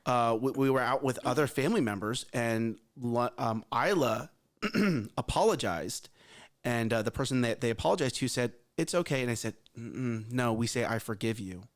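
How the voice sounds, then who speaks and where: A man's voice: mid-range voice, moderate pace. A man co-hosting a casual morning talk show, speaking emphatically and repeating his points. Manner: emphatic, repeats phrases, advice-giving. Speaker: co-host.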